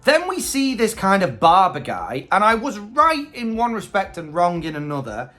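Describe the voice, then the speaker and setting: A male host chats through a casual review with bright, animated delivery. He hedges his opinions freely, with faint music behind. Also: high voice, moderate pace. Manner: chatty, hesitant opinions.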